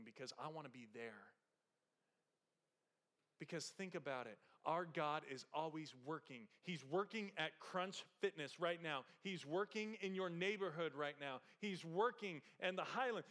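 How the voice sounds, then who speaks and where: A male pastor preaching a sermon, moving from soft conversational storytelling with humor to raised, passionate exhortation. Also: a little high, lively intonation, normal speed.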